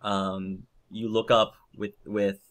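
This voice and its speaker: A man's voice: fairly low pitch, flat delivery, takes it slowly, a bit bright. A man narrating a tabletop game as game master, hesitant, with many fillers.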